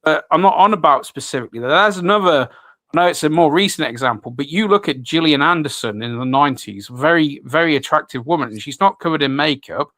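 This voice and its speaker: Man, radio host, fairly high voice, rambling, dry sound. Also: expressive, fast, sharp tone, no echo. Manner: rambling, many restarts and fillers. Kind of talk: casual radio chat.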